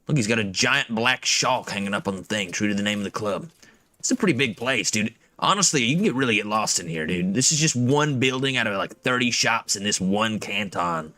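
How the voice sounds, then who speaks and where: Casual male game streamer, bright and slightly low, joking and rambly, game music behind. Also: expressive, brisk. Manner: casual, joking, says "dude" and "like". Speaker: gaming video creator. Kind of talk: casual gameplay commentary.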